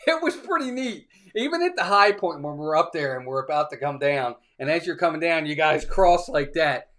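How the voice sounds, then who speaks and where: With a slightly high, fairly bright voice, a man co-hosts a theme park livestream, speaking animatedly at a moderate pace. In this casual chat he tells a wandering story, quoting people and acting out the quotes and ride motions.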